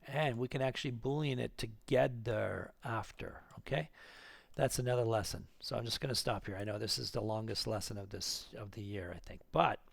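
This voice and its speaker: A man teaching 3D modelling in a screen-recorded tutorial, thinking aloud, counting clicks under his breath and getting excited at the results. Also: lowish voice, moderate pace, gravelly, no echo. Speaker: 3D modelling instructor.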